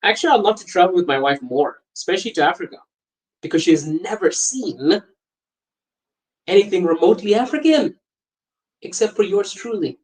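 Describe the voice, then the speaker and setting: Young male podcast host with a slightly higher voice, loose and animated, laughs easily while reading chat. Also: brisk, poor audio. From Botswana. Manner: laughs often, animated and jokey. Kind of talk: casual live-stream chat.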